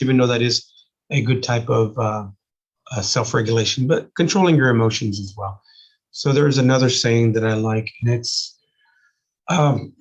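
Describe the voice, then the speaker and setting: A man's voice: medium pitch, muffled recording. A man with a mixed Texan and Spanish accent, lecturing on camera in a casual, rambling way with many fillers while losing his voice. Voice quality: husky. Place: indoors, solo on camera. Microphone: camera mic.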